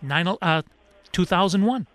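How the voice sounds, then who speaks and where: A man's voice: sits high, unhurried, fairly bright tone. A man interviewing a guest, asking emphatic questions.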